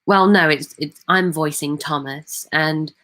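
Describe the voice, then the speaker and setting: A woman, chatting on a livestream. Her voice sits on the low side, and she works through viewer comments hesitantly, with plenty of ums and restarts. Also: unhurried, a bit bright. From Manchester, England. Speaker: livestream host. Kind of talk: casual livestream chat, reading viewer comments.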